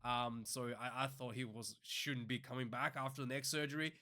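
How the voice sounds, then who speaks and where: A man's voice: mid-range voice, fairly even intonation, moderate pace, sharp tone. A man hosting a casual news commentary show, talking in a rambling way full of fillers and restarts and working up into heated rants. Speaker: rugby news show host.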